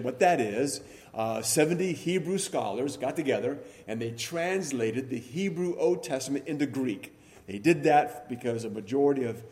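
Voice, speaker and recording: A man as pastor, preaching an expository sermon in a measured teaching manner, stressing key words and pausing with fillers. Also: mid-range voice, mellow.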